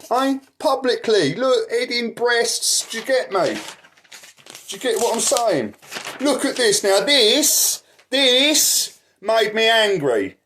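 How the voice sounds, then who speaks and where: A man's voice: high voice, a bit bright, a little hiss or hum. Angry swearing man ranting. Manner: swears constantly, rants, asks "right?"; shuffles through papers, voice drifts from the mic. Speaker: activist vlogger.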